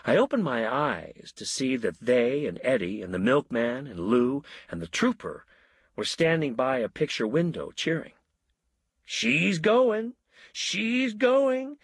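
Husky guy reading an audiobook, lively, dry close sound. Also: medium pitch, no echo. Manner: expressive, voicing many characters. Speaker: narrator. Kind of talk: audiobook narration.

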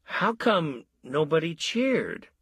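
A man's voice: very animated, unhurried, fairly bright tone, breathy edge, dry recording, studio quality, exaggerated voice. A man doing a pushy, emphatic ad man. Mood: dazed. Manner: salesman's pitch, emphatic. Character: fierce bearded ad man, pushy and enthusiastic.

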